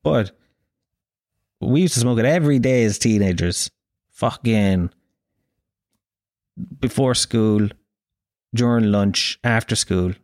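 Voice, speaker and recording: An Irish man in his thirties telling a profane, animated anecdote in casual chat, acting out the quotes. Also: on the low side, takes it slowly, pauses often, no room sound, clean studio sound. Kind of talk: casual storytelling.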